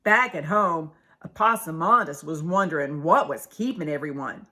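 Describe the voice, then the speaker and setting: A woman reading a children's picture book aloud, expressive, with hushed asides to her listeners. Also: sits low, normal speed, few pauses. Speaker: storybook reader.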